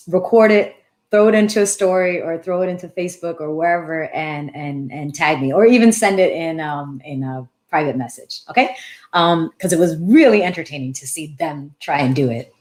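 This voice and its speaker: A woman in her thirties hosts a live-stream chat as a dance teacher, answering viewers' questions. Her voice sits a little low. She talks in an animated, warm way, pausing and restarting as she thinks aloud. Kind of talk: casual live-stream Q&A, reading comments aloud.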